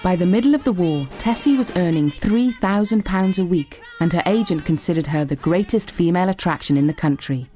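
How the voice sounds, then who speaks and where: Woman narrator, scripted, low and dark-toned, soft music bed. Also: animated, fairly quick, few pauses. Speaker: documentary narrator.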